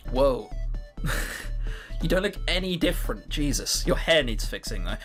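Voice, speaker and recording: Sweary, animated woman gaming host. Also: a bass voice, moderate pace, faint music behind. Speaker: let's play host. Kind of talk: reading a visual novel aloud with commentary.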